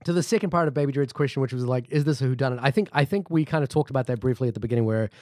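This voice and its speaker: Halting man co-hosting a podcast. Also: medium pitch, darkish tone, no room sound, studio quality. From New Zealand. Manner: halting, restarts sentences while searching for words. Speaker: podcast co-host. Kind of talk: casual chat. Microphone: studio microphone.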